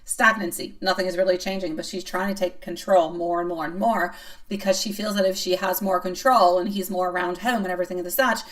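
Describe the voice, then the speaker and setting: A woman's voice: on the low side, fairly even intonation, brisk. Chatty woman tarot reader, distant mic. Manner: chatty, playful, self-mocking, answers chat comments. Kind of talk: live-stream tarot reading.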